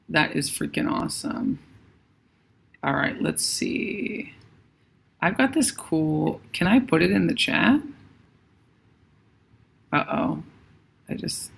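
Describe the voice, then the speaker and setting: A woman's voice: fairly low pitch, gravelly, fairly bright tone. A woman hosting a casual livestream while she paints, thinking aloud and greeting viewers by name. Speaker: livestream host.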